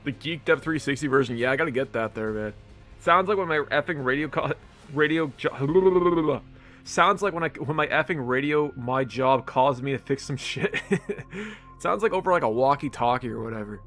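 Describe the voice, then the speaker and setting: A man's voice: medium pitch, moderate pace, a bit bright, faint music behind. A man live-streaming games, chatting casually with viewers and laughing often. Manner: laid-back, laughs often, chats with viewers.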